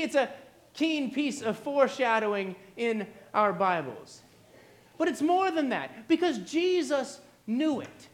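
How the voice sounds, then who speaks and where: High-voiced pastor guy preaching real slow, dramatic storytelling with refrains. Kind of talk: sermon.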